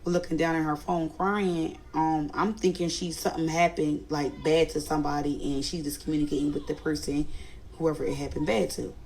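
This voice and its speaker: A woman's voice: sits low, fairly even intonation, fairly quick, a little mellow, poor audio. A woman with a Philadelphia accent telling a family story in a casual storytime, animatedly quoting others and growing indignant. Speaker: storyteller recounting family drama.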